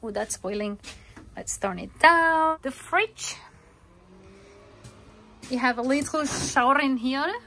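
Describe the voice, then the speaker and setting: A woman's voice: high voice, animated, takes it slowly, pauses often, pushed and bright, soft background music. Chatty woman vlogging from a campervan. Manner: chatty and emotional, talks straight to viewers. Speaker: travel vlogger. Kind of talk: casual vlog to camera. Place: inside a campervan and around a campsite.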